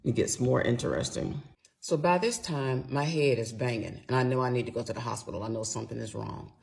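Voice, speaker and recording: Gravelly-voiced woman telling her story. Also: a bass voice, fairly quick. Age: middle-aged. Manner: animated, emphatic, talks to viewers directly. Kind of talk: casual personal storytelling.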